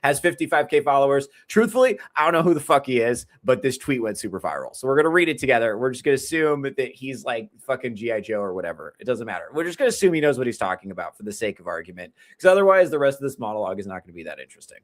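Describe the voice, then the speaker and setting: A man's voice: mid-range voice, sing-song, very fast, hardly any pauses. A male comedian hosting his own podcast, talking alone in a rambling, profane and exasperated way, full of fillers. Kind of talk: solo podcast monologue.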